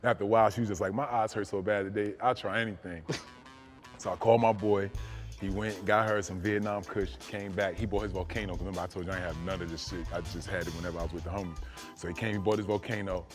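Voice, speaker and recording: A man from New Jersey, a former NBA player, telling a story in casual, animated talk, often saying "you know what I'm saying". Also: low-pitched, quick pace, soft background music.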